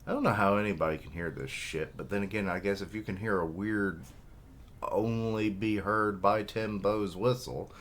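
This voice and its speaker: A man's voice: fairly low pitch, steady tone, moderate pace, a bit bright. A man hosting a comic reaction, reading the chapter aloud and chatting about it in a casual, joking way that includes swearing. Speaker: manga reaction host.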